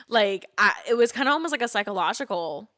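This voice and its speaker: A woman's voice: fairly high pitch, expressive, normal speed, a bit bright. A woman co-hosting a podcast, telling a personal story in a casual, loose way and laughing often. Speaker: podcast co-host.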